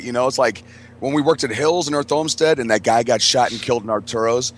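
A man's voice: medium pitch, expressive, fairly quick, a little hiss or hum. A man telling a rambling, profane story in casual chat as a podcast host, laughing as he goes.

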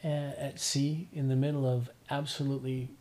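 A middle-aged man, chatting as a podcast guest. He tells unhurried, reflective stories and often stops and restarts his sentences. His voice sits in an ordinary middle range. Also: medium pitch, little pitch movement, a little mellow. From Newfoundland, Canada. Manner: reflective, rambling storyteller with frequent restarts. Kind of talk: casual conversation.

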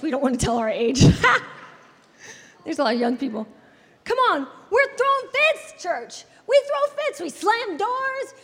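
A woman in her thirties, a pastor preaching a sermon in a church, talking to the congregation in an animated, conversational way with playful asides. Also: very high-pitched. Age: 30s. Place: church sanctuary. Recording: long hall reverb in a church.

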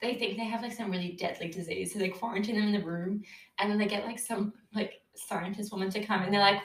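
A woman's voice: mid-range voice, steady tone, fast. A young woman in casual chat, recapping a TV show with lots of "like" and acted-out quotes, swearing freely. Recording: echoey room.

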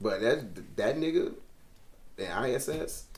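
Young man, mid-pitch, laid-back and profane, trails off quiet, casual podcast. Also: lively intonation, a little slow, breathy edge. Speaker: podcast co-host. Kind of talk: casual banter.

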